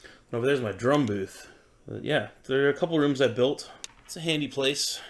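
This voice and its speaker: A man's voice: mid-range voice, moderate pace. A man musician thinking aloud in an easygoing, self-doubting way while he records in his home studio. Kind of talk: casual talk while recording.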